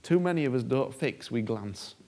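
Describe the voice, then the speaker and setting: Gravelly-voiced male preacher. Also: mid-range voice, animated, normal speed, dark tone. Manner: emphatic, repeats key phrases and acts out prayers. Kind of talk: sermon.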